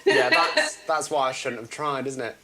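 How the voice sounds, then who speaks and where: A woman's voice: very deep voice, normal speed, fairly bright tone. A woman hosting a live online chat show, giggly and rambling as she talks to viewers and a guest.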